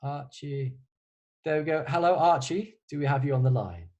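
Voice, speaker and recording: A man's voice: on the high side, lively intonation, normal speed, a little mellow, dull audio. A man who is a composer, answering student questions on a video call in a casual, hesitant way, with many restarts and a wry humor. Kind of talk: casual online Q&A.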